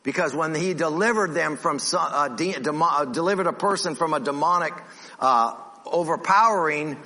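A male pastor preaches with a bright, forceful, fairly high voice. He moves between lively storytelling and low, slow, emphatic lines. The sound is a sermon recorded with the long reverb of a large church hall. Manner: animated, acts out the voices of his stories, then drops low for emphasis.

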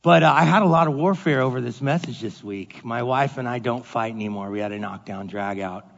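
A middle-aged male pastor giving a casual, storytelling sermon, animated and self-deprecating, acting out the voices in his stories. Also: mid-range voice, a little fast, vocal fry. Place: church sanctuary. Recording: dull echoey hall recording.

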